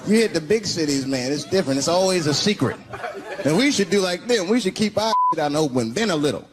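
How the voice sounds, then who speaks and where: A man's voice: on the high side, animated, fast. A man doing a stand-up routine, talking loosely and conversationally and throwing questions to the audience. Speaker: stand-up comedian. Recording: loud crowd and heavy noise.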